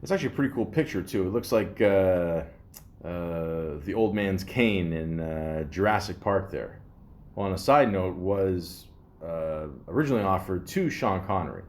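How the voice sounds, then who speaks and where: Rambling, profane podcast guy with a low voice. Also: lively intonation, normal speed. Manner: rambling, profane, filler-heavy; reads facts aloud and riffs on them. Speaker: podcast host. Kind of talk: casual rambling podcast monologue.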